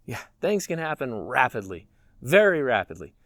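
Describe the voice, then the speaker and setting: A man's voice: high voice, very animated, a little fast, dry recording, clean studio sound. A man hosting a prepper vlog, talking in a casual, rambling way and chuckling to himself as he muses. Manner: rambling, chuckling, musing aloud. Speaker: prepper channel host.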